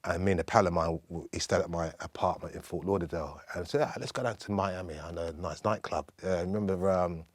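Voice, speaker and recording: A man in his fifties, a guest in an interview, telling stories from his life in an animated way. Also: low-pitched, fast talker, few pauses, dry recording. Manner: animated, acts out other people's voices as he tells stories. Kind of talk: storytelling interview.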